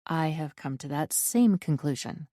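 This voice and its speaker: A woman narrating a first-person romance audiobook in an even, measured reading. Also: low voice, dry recording, studio quality.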